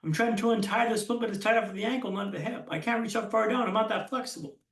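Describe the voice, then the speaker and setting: A man giving a keynote speech as a storyteller, with punchy lines, dramatic pauses and self-deprecating humor. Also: high voice, steady tone, a bit bright, echoey room, far from the mic. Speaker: keynote speaker. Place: conference hall stage.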